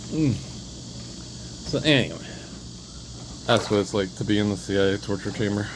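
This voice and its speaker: A man talking alone in a meandering monologue, drifting between thoughts and breaking in with sudden loud interjections. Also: lowish voice, normal speed, long pauses, noisy background. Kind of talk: rambling solo monologue.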